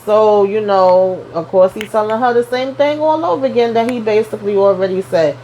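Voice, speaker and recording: A woman's voice: medium pitch, brisk, dark tone, a little hiss or hum, rough recording. Sassy chatty woman recapping a show. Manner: chatty and sassy, lots of slang asides. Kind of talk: casual recap vlog.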